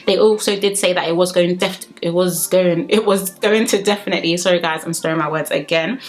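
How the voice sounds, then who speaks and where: Woman vlogger, lowish voice, quick sassy delivery, reviewing a TV episode for her viewers. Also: fairly bright tone. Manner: sassy, opinionated, talks straight to viewers. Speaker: reality TV reviewer. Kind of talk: casual episode review vlog.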